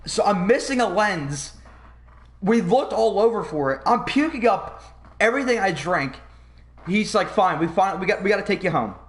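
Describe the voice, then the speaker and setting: A young man hosting a podcast, telling a long story in a rambling, profane, animated way. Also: sits high, moderate pace. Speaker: podcast host. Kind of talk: casual storytelling.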